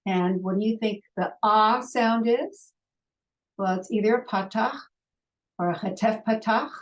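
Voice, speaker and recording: Slow, patient woman teaching Hebrew. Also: medium pitch. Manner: slow, patient, sounds out syllables for learners to repeat. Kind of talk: online language lesson.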